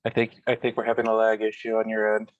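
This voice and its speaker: A man running a tabletop game as game master, giving rulings in a relaxed, matter-of-fact way. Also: lowish voice, fast talker, muffled recording.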